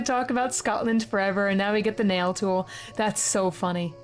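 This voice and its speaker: A woman playing a horror video game, reacting excitedly with frequent swearing and reading the on-screen text aloud. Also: mid-range voice, normal speed, few pauses, soft background music. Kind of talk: casual let's-play commentary.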